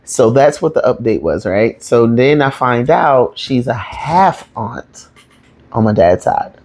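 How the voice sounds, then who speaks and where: A woman's voice: a bass voice, very animated, slow pace, darkish tone. A woman comedian telling a personal family story in casual slang, emotional and laughing through tears.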